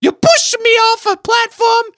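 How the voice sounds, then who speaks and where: A woman's voice: very high voice, a little slow, fairly bright tone, no room sound, clean studio sound. A woman voicing a jealous adult male sidekick brother with a hammy put-on Italian accent, whiny and indignant. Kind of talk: improvised podcast parody.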